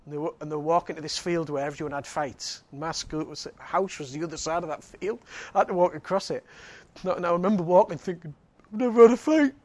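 High-voiced preacher telling stories. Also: male voice, fast, few pauses. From Northeast England. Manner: laughing, animated storyteller with frequent restarts. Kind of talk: sermon with a personal story.

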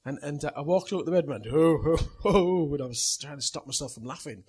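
A man's voice: a little high, rapid-fire, a little mellow, breathy edge. A middle-aged man, a pastor, telling a funny family story in a chatty sermon and laughing at it as he goes. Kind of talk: sermon with personal anecdote.

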